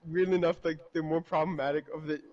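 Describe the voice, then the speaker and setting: A man's voice: a little high, steady tone, fast, a little mellow, lo-fi sound. A man chatting casually on a stream, telling a story animatedly and laughing often. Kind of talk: casual chat.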